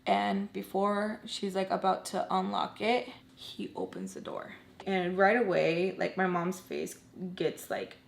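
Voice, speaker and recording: A young woman telling a personal story in a casual, animated way, with lots of swearing and "like", acting out the people she quotes. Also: mid-range voice, gravelly, slight background noise. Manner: animated, profane, many likes, acts out quoted people. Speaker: storytime vlogger.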